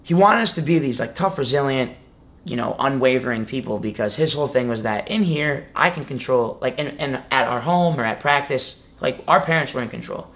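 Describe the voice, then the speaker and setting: A man's voice: medium pitch, lively intonation, brisk, a bit bright. Young guy rambling through a casual chat, lots of likes and you knows, mid-range voice. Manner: rambling, many fillers like "like" and "you know". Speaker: guest, college wrestler. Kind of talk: casual interview talk.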